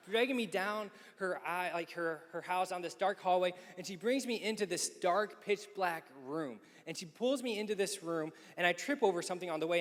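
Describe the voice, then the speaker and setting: A man in his thirties speaking at a youth conference men's session. He tells a lively story and acts out the people he quotes. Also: on the high side. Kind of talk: storytelling talk. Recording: echoey hall.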